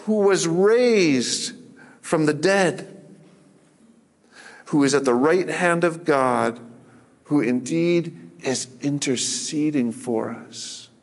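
A man's voice: on the high side, takes it slowly, gravelly, pauses often. A man preaching a sermon as pastor, earnest and plain-spoken, rising to emphatic force when he recites scripture. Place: church sanctuary. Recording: sermon with long hall reverb.

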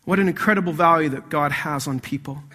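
A man preaching a sermon as pastor, animated, swinging between loud emphasis and hushed intensity. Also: fairly high pitch, quick pace, big-room sound.

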